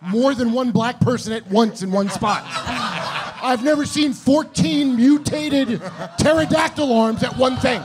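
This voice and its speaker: A man's voice: very high voice, measured pace, over music. A man doing crude, provocative comedic banter on a live podcast at an event venue. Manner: brash, provocative, joking. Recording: live room with audience noise.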